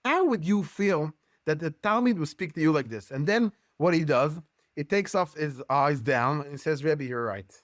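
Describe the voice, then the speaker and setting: A Hebrew-native man explains his views as an educator in an earnest, storytelling way, his English halting and dotted with Hebrew terms. His voice sits a little high. The recording is dry and close. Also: animated, no echo. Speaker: guest rabbi and educator. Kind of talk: podcast discussion.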